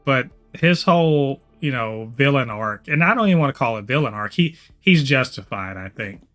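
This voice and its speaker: A man co-hosting a casual TV review podcast, talking in an animated, profane way that jumps up loud when he gets excited. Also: mid-range voice, normal speed, soft background music. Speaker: co-host of a TV review show.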